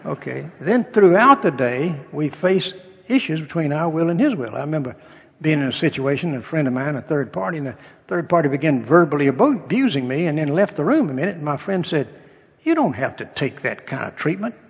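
Gravelly older pastor preaching in a hall. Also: male voice, on the high side, very animated, a little fast. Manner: folksy storytelling with humor and quoted dialogue. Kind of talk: sermon. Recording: long reverb of a hall.

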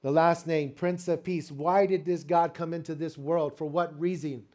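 Warm-voiced preaching grandfather. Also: on the high side, moderate pace. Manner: animated storytelling preacher with call-and-response. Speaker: pastor. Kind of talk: sermon.

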